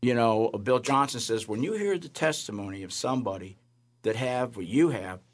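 Male chaplain guest, mid-range voice, animated storyteller who voices the people in his stories. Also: mid-range voice, normal speed. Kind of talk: storytelling testimony.

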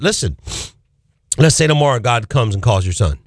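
A man hosting a call-in radio show, preaching with fervent, rapid-fire rhetorical questions from a studio. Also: medium pitch, very animated, no room sound. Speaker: radio talk show host.

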